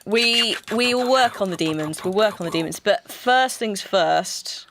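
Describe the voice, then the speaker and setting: A woman's voice: medium pitch, unhurried, noisy background. A woman co-hosting a let's play, explaining game mechanics in a rambling, teasing way. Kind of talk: casual gaming chat.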